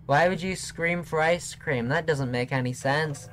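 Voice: mid-range voice, normal speed, soft background music. A streamer chatting casually during gameplay, playful and giggly, teasing chat.

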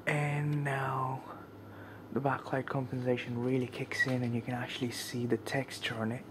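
A man talks casually to his viewers outside at night, his voice tight from shivering in the cold. He speaks at a middling pitch, sometimes dropping to quiet murmured asides. The built-in camcorder mic picks up a faint hiss of outdoor air around him. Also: level tone, moderate pace. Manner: chatty, with fillers and some quiet murmured asides. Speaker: vlogger. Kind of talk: casual vlog narration.

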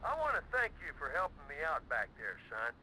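An actor playing a gruff, folksy one-eyed army veteran in a video game. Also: male voice, fairly high pitch, huge pitch swings, a little fast, bright, forceful tone, slight background noise, exaggerated voice, rough recording.

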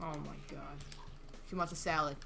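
A woman's voice: low-pitched, fairly even intonation, normal speed, vocal fry, background noise. A woman streaming a cooking game, frantically calling out customer orders in casual chat.

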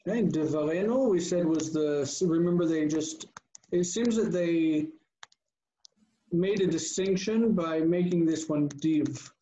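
A man teaches grammar to a class over a video call, his voice somewhat high and mellow. He works through the forms patiently, reading endings aloud and putting questions to his students. The audio is dull and lo-fi. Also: measured pace. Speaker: Hebrew teacher. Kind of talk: online class lecture.

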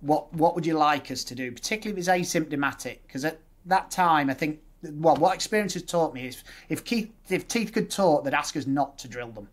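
A man's voice: on the high side, animated, fairly quick, hardly any pauses. Man explaining patiently. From West Yorkshire, England. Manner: practical, explains step by step, uses patient scripts. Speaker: guest dentist. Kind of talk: casual interview chat.

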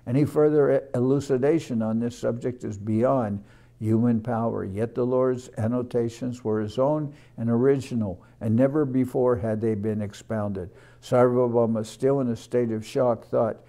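Man, monk, scripture reading in class, mellow tone, measured, repeats phrases. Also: medium pitch, steady tone. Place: ashram class room.

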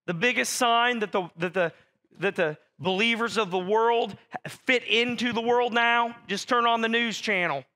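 A man preaching a sermon with a very high, bright voice. He talks to the congregation in a direct, conversational way, calling them out plainly. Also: normal speed. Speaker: pastor.

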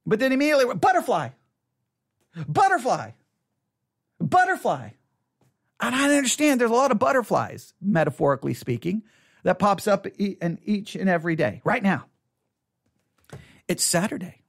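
High-voiced rambling pastor, animated. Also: male voice, creaky. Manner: rambling and animated, acting out excited kids in a higher voice. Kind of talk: casual spoken Bible teaching.

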